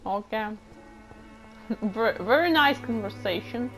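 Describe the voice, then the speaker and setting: Female let's-play streamer; high voice, slow and playful, slangy asides. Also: lively intonation, a bit bright, faint music behind, low-quality recording. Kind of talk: casual gaming commentary.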